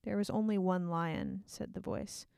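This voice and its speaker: A woman's voice: medium pitch, fairly even intonation, a little slow, vocal fry, warm tone, clean tone, no room sound, studio quality. A woman chatting casually about a book with a friend, laughing often and reading passages aloud.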